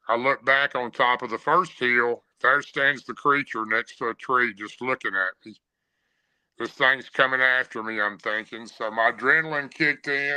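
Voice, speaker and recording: A man recounts a frightening encounter as a podcast guest. His voice is intensely bright and crisply clear. He talks plainly, stopping often on "uh", and the sound is dry with no room echo. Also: medium pitch. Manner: plain storyteller with frequent "uh" pauses. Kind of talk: first-person encounter story.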